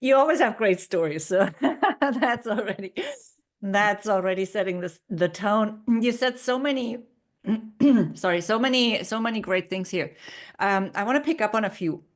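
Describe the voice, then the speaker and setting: A woman's voice: mid-range voice, moderate pace. A woman hosting a podcast interview, speaking thoughtfully and searching for her words with many fillers. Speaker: podcast host. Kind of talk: conversational interview.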